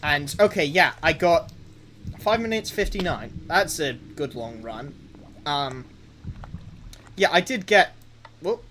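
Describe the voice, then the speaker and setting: A man's voice: a little high, expressive, slow, pauses often, bright, forceful tone, a little hiss or hum. A young man streaming a game, thinking aloud to his chat and bragging playfully about his runs. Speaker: gaming streamer. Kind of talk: live game commentary to chat.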